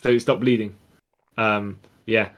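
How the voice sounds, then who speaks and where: A man's voice: lowish voice, steady tone, a little slow. A man co-hosting a casual podcast, rambling and restarting his sentences often. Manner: rambling, restarts a lot, says yeah often. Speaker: podcast co-host. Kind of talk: casual chat.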